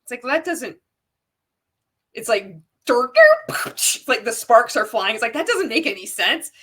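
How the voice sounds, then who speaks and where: On the high side, with lively intonation at a normal speed, an anti-MLM creator's fairly bright, slightly rough voice carries her casual direct-to-camera commentary. She fires rhetorical questions at viewers and keeps restarting her sentences.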